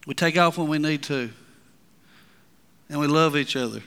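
A man preaching in a church hall, his high, bright voice ringing clear. He swings from emphatic, rising declarations to low, confiding asides. A long reverb trails behind his words. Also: normal speed. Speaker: pastor. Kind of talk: sermon.

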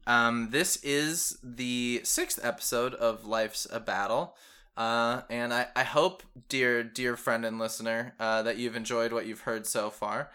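A man's voice: mid-range voice, fairly even intonation, a little slow, pushed and bright, smooth. A man hosting a tabletop game podcast as the game master, joking and rambling with lots of fillers. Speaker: dungeon master and host.

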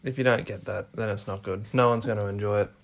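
An Australian podcast co-host chatting casually, relaxed with dry asides. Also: sits low, fast talker. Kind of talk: casual chat.

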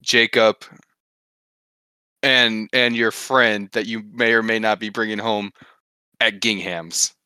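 Young guy teasing his buddies on a podcast, bright and bouncy, dry close sound. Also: on the low side, fairly even intonation, smooth, no echo. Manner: teasing, joking, quick to interrupt. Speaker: podcast co-host. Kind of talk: casual chat among friends.

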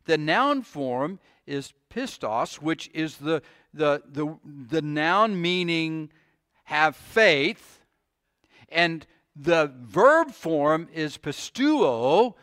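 A man's voice: on the high side, sing-song, extremely slow, a bit bright, dry recording, clean studio sound. A man preaching a sermon to his congregation, earnest, often restarting his sentences and asking the listeners questions. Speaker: pastor.

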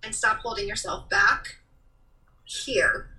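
A woman's voice: fairly high pitch, takes it slowly, sharp tone, distant mic, low-quality recording. A woman guest in a podcast interview, speaking emphatically and motivationally, close to tears. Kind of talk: casual interview chat.

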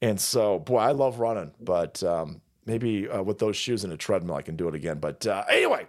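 A man's voice: deep voice, a little fast. A man in his forties hosting a livestream, ranting casually with lots of swearing and frequent laughter. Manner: profane, laughs often, animated outbursts. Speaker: livestream host.

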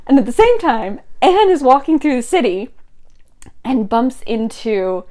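A young woman with a high, bright-toned voice retells a story to her co-host in a loose, chatty way. She talks animatedly and a little breathlessly, with lots of "like" in her sentences. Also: animated, moderate pace. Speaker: podcast co-host. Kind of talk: casual chat retelling a story.

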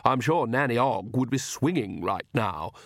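A man's voice: medium pitch, animated, moderate pace. A man voicing a blunt, suspicious young woman who talks sharply and indignantly, in a read-aloud fantasy story. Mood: wary, indignant.

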